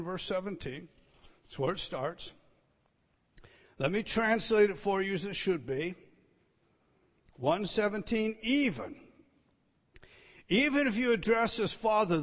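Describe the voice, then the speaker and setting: Emphatic preacher in a reverberant hall. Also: male voice, on the high side. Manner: emphatic, swings between loud declarations and quiet asides. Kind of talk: expository sermon.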